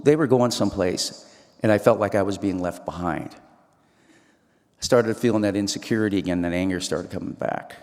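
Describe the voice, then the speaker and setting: A man's voice: fairly low pitch, normal speed, a little mellow. A man giving an earnest talk about his life, recalling scenes and quoting dialogue as a storyteller. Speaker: speaker. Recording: hall reverb.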